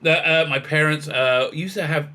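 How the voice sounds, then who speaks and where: A man's voice: fairly high pitch, moderate pace, sharp tone. A man giving sarcastic, scornful commentary in a ranting vlog, stammering through restarts. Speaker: YouTube commentator.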